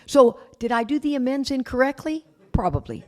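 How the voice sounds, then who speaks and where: A woman's voice: mid-range voice, moderate pace. Candid woman telling a recovery story. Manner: candid storytelling, self-deprecating humor. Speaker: recovery speaker. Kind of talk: personal recovery talk.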